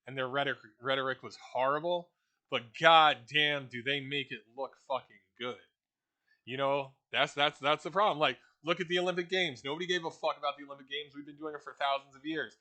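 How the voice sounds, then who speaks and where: A man's voice: on the high side, fairly quick, sharp tone. A man giving a profane, rambling, casual explanation of a role-play setting.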